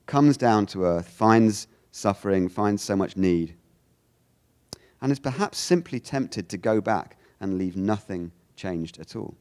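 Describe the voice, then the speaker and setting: A man from the United Kingdom giving a lecture, animated, often restarting his sentences and acting out quoted lines. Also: fairly low pitch, clear, resonant tone. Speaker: speaker giving a talk.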